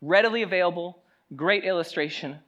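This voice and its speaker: A pastor preaching a sermon in a conversational, animated way, with joking asides to the congregation. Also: mid-range voice, brisk, muffled recording.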